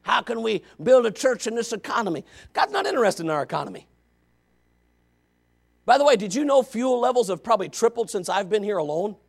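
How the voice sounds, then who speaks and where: A Baptist pastor preaching a fervent sermon, swinging between quiet asides and shouts. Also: male voice, high-pitched, big pitch swings, fairly quick, vocal fry.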